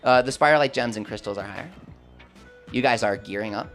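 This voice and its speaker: Excitable young man streaming a game. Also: fairly low pitch, faint music behind. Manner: rapid excitable talk, quick swings between hype and explaining. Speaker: gaming streamer. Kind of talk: live gameplay commentary with chat.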